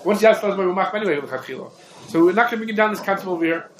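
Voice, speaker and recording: Casting Male Torah teacher, fairly high voice, emphatic repeating delivery, echoey room with faint hum. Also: lively intonation. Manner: rapid, repetitive, emphatic teaching with heavy Hebrew terms. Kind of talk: halachic lecture.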